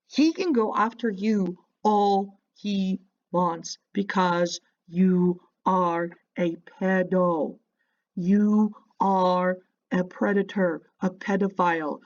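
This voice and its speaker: Mocking woman in a dull lo-fi recording. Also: mid-range voice. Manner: mocking, insulting, sarcastic. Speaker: reaction video host. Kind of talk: reaction commentary.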